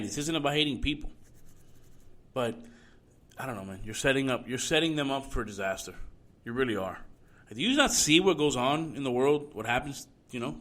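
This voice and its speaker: A man's voice: mid-range voice, sharp tone. A man hosting a solo podcast from home, ranting in a heated, profane way. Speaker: podcast host. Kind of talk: solo opinion podcast rant.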